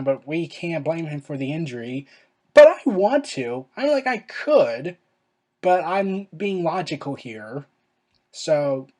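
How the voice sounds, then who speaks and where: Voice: mid-range voice, a little mellow. A vlogger giving casual, opinionated wrestling commentary, rambling and often correcting themselves. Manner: rambling, exasperated, self-correcting.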